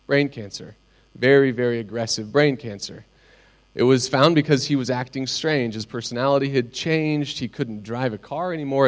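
A middle-aged man delivers a sermon in an earnest, personal way, pausing as he tells his own stories. His voice sits at a middling pitch. A faint hum runs under the recording. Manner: earnest, personal storytelling with pauses. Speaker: pastor.

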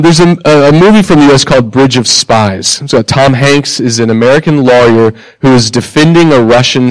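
A male pastor preaches a conversational sermon in a middle-pitched voice, relying on rhetorical questions and deliberate pauses. The sound is close and dry, with no room echo.

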